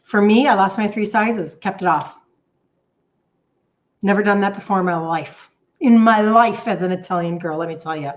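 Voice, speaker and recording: A woman in her fifties, a health coach chatting warmly and excitedly with viewers on a live stream, reading out their comments. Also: mid-range voice, normal speed. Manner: bubbly, gushing, reads out viewer comments. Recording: slightly dull lo-fi stream audio.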